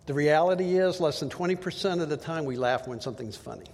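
A man's voice: on the high side, expressive, fast, a little mellow. A man preaching a sermon in a conversational way, acting out the voices he quotes. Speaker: pastor. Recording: long hall reverb.

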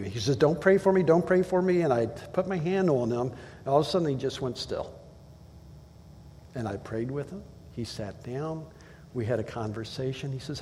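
A man's voice: medium pitch, darkish tone, slight background noise. A man pastor preaching a sermon, telling a story and acting out dialogue before building to emphatic preaching. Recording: long reverb of a large hall.

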